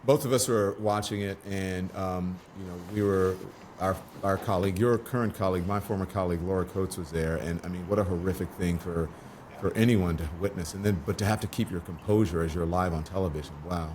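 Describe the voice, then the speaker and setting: Brief: male host, low voice, lively and wry, casual interview chat. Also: a little fast, slight background noise. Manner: animated, with wry asides. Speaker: talk show host.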